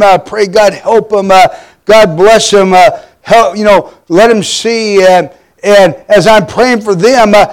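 A man preaching a sermon as pastor, earnest, full of fillers and rhetorical questions. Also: sits high.

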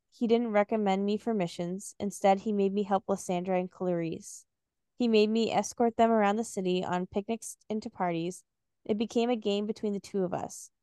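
A woman's voice: mid-range voice, mellow, clean tone, no room sound, studio quality. Podcast woman reading a novel aloud. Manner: recaps and reads passages aloud with fillers. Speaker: podcast co-host.

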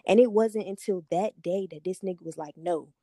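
A young woman hosting a podcast, telling a personal story in a candid, profane, animated way. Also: fairly low pitch, normal speed, no echo, clean studio sound. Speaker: podcast host. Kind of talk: casual storytelling chat.

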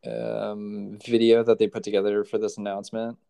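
A man with a fairly low, smooth and resonant voice, talking casually as a podcast co-host. His delivery is wry and teasing, with dry sarcasm and easy laughter. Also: monotone, moderate pace, dark tone. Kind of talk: casual chat.

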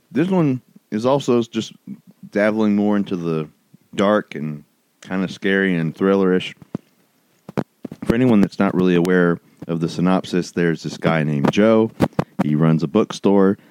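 A man's voice: sits low, mellow, clean tone, dry recording. A man co-hosting a podcast in casual chat, rambling with fillers and laughing often. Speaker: podcast co-host.

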